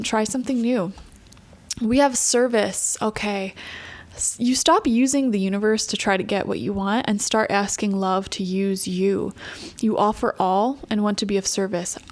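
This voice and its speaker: A young woman giving a casual pick-a-card tarot reading, chatty and animated, laughing often. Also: medium pitch. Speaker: tarot reader.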